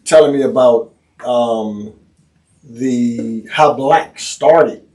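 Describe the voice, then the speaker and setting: A male podcast host asking questions in a halting way, often repeating words. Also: medium pitch, a little mellow, distant mic, rough recording. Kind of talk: interview conversation.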